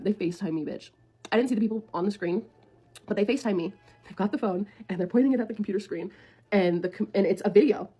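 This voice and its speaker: A woman in her twenties, with a mid-range, slightly breathy voice, tells viewers a storytime. She's casual and blunt, swears freely, and talks like a friend.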